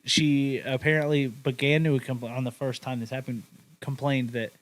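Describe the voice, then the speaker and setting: A man's voice: medium pitch, flat delivery, moderate pace, rough recording. A young man telling a ghost story to a friend on a podcast, in a laid-back and crude way with lots of swearing and filler words. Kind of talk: casual crude storytelling chat.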